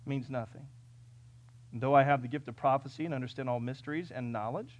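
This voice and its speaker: A man's voice: mid-range voice, steady tone, fast talker, no echo, dull audio. Impassioned male preacher from California. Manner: impassioned, swinging between loud peaks and quiet asides; conversational storytelling with fillers and restarts. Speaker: pastor. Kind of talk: sermon.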